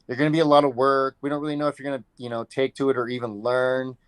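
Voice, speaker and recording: A man's voice: mid-range voice, level tone, fast talker, clear, resonant tone, dry recording. A man in his thirties telling a story casually in an interview, loose and profane, acting out what people said. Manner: loose, profane, acts out quotes. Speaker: fighter being interviewed.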